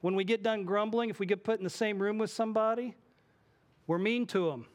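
A man in his forties preaching a sermon as pastor, animated and acting out the voices he quotes. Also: high voice, brisk.

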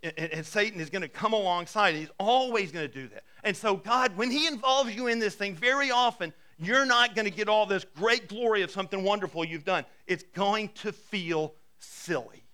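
A male pastor preaches from what sounds like a church pulpit, his voice high for a man with a bright, forceful edge. He tells stories conversationally and often stumbles into quick restarts.

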